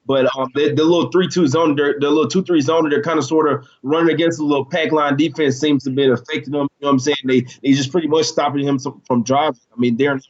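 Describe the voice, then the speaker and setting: Guy on a betting show, kinda high voice, chill and slangy, muffled sound. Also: fairly even intonation, fast talker, few pauses. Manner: laid-back, slangy, laughs easily. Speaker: sports betting show co-host. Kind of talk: casual sports talk. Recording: dull lo-fi audio.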